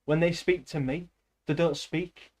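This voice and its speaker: A man's voice: a little high, fairly even intonation, measured pace, a little mellow. Rambling, laughing man. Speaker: streamer reading aloud. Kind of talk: casual chat.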